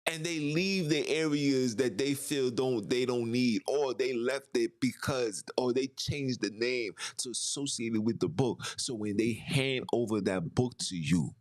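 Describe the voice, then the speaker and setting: A man's voice: mid-range voice, unhurried, hardly any pauses. A man hosting a podcast, delivering an emphatic, ranting monologue full of rhetorical questions. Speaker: podcast host. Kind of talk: impassioned monologue.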